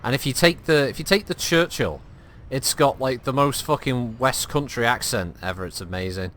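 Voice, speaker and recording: A man's voice: medium pitch, moderate pace, a bit bright. A man chatting and joking while streaming a game, with a lot of swearing. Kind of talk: live gameplay chat.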